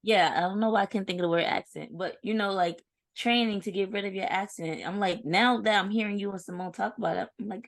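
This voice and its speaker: A woman's voice: mid-range voice, steady tone, fast. A woman co-hosting a podcast, chatting casually, laughing often and sometimes searching for her words. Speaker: podcast co-host.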